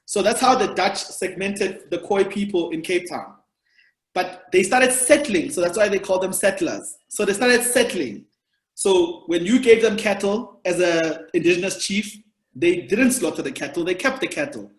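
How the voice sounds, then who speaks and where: A man's voice: high-pitched, lively intonation, moderate pace. A South African man hosting a podcast, chatting casually and rambling through long explanations of history. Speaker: podcast host, comedian. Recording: roomy echo.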